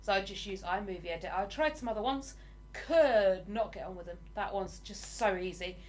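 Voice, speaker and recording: A woman's voice: mid-range voice, moderate pace, darkish tone. This is a woman from the south of England who hosts her own livestream. She talks in an easy, enthusiastic way, reading out comments and laughing often. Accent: southern English. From England (Hertfordshire). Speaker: livestream host. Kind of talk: casual live chat, reading viewer comments.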